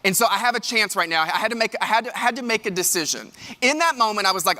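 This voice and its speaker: Male keynote speaker, high bright voice, animated storyteller, big hall reverb. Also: a little fast. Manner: animated, addresses the audience directly. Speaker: keynote speaker and leadership coach. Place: large event hall.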